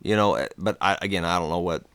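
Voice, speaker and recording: A man's voice: low-pitched, fast, a bit bright, clear, resonant tone, no echo. An American man in a casual podcast chat, telling a travel story in a rambling way with many fillers and restarts. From United States.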